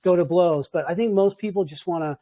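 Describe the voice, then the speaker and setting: Surf coach, fifties, easygoing man; high-pitched, warm and relaxed. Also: brisk. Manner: laid-back, easygoing surfer talk. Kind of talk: casual podcast chat.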